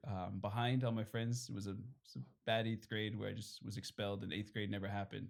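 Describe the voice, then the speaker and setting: A young man, a priest, tells his story at a fireside gathering. He rambles, leans on filler words and laughs now and then, his voice sitting in an ordinary middle pitch. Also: darkish tone. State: briefly tearful. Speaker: priest giving his testimony. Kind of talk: personal testimony at a fireside talk.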